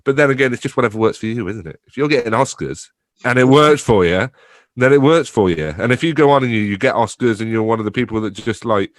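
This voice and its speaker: A man's voice: mid-range voice, fast, dry recording, studio quality. A young adult man, chatting casually as a podcast guest, rambling, swearing freely and laughing often. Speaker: podcast guest, theatre company director. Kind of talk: casual conversation.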